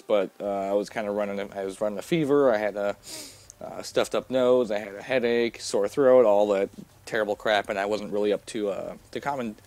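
Low-voiced man rambling over gameplay. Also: steady tone, brisk, a little mellow, dry recording. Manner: rambling, many fillers and restarts. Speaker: gameplay commentator. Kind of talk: casual gameplay commentary.

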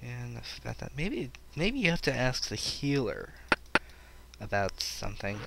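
Over game music, a man plays a let's play and chats to viewers with casual, self-deprecating commentary. His medium-pitched, creaky voice moves at a normal speed and swings widely in pitch.

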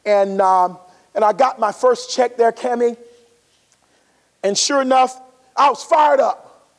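A man in his forties with a very high voice delivers a motivational talk at a conference. He tells stories with animation and often acts out the scenes. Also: slow, big-room sound. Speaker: motivational speaker. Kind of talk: motivational speech storytelling. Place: resort conference room.

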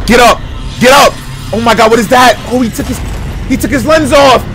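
Young male streamer, high gravelly voice, shouts reactions, music behind him. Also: fairly quick, a loud crowd. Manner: excitable, shouting at the screen. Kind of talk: live video reaction.

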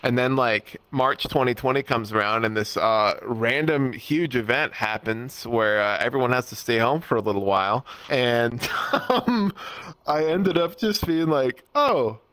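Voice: mid-range voice, expressive, a little slow, a bit bright, no room sound. Dry, chatty young-adult podcast guest. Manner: rambling, laughs often, many fillers. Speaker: guest, VTuber and VR world creator. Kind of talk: casual podcast conversation.

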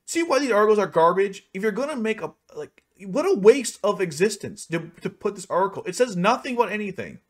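A young man commenting on an article for his video channel, ranting in an exasperated, sarcastic way with sudden jumps in pitch. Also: very animated, fairly quick, hardly any pauses. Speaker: YouTube anime commentator. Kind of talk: reacting to and rebutting an article.

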